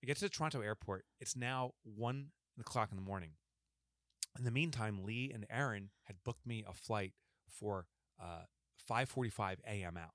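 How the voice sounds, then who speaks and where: A man's voice: fairly low pitch, moderate pace, a bit bright, dry recording. Guy cohosting a podcast, chatty storyteller, acts out the quotes, dry close mic. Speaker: podcast co-host. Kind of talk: casual storytelling chat.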